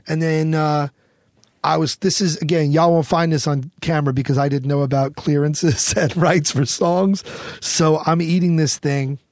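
A middle-aged American man telling a story as a guest in an interview, animated and quick to act out what others said. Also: a little high, no echo, studio quality. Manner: animated storyteller, acts out quotes, swears freely.

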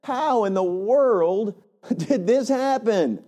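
A male pastor preaching a lively, conversational sermon, often checking in with "right?". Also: high-pitched, moderate pace. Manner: animated, conversational, frequent "right?".

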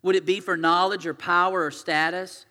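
A male pastor preaching in a conversational, storytelling way, swinging between loud emphasis and hushed asides. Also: sits high, flat delivery, moderate pace. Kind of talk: sermon. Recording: long hall reverb.

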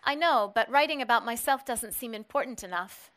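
A wry young writer speaks in a quick, ironic way, pitched a little high, as a woman reads her lines aloud. The voice is bright and clear. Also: close to an everyday voice.

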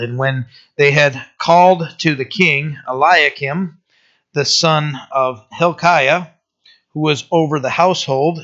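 A man's voice: a little high, pushed and bright. A male pastor preaching a sermon, reading scripture and breaking off into emphatic, conversational asides. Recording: dull lo-fi recording.

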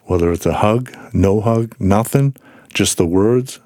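Dark-voiced man telling faith stories. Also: fairly low pitch, a little slow, dry recording, studio quality. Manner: animated storyteller, acts out quoted voices. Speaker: podcast guest. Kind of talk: casual storytelling conversation.

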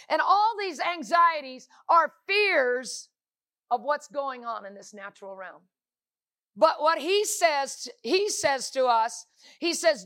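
High, bright-voiced woman preaching. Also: animated, slow. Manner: emphatic and repetitive, full of rhetorical questions. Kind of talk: sermon.

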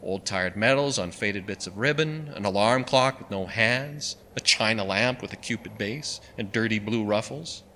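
A man's voice: fairly low pitch, normal speed, few pauses, bright, forceful tone, slight background noise. Man reading a wry story aloud. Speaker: narrator. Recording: long reverb with faint music.

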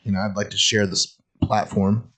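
A man's voice: fairly low pitch, little pitch movement, moderate pace, a bit bright. A man co-hosting a podcast, chiming in offhand. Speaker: podcast co-host. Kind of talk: casual chat.

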